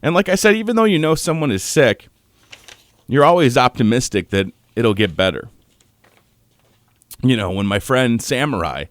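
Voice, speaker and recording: A man's voice: medium pitch, dry recording. Choked-up male radio host, dry sound. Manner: halting, choked up, pausing often. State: emotional, holding back tears. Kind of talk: on-air morning show tribute. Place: radio studio.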